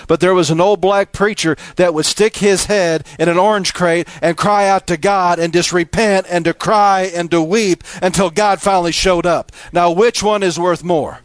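Impassioned preacher man, fairly high voice. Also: no echo. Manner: impassioned, rising to emphatic preaching. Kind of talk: sermon.

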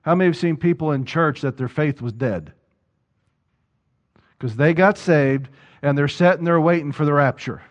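A man's voice: a little high, moderate pace, pauses often. A male pastor preaching a sermon, putting rhetorical questions to the congregation and repeating words as he drives a point home.

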